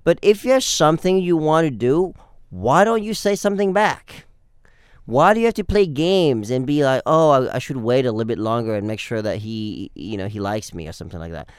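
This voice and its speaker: Young male dating coach, playful and animated, clean dry close sound. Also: mid-range voice, brisk, clear, resonant tone, no room sound. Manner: animated, acts out phone calls with playful voices. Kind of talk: casual podcast advice.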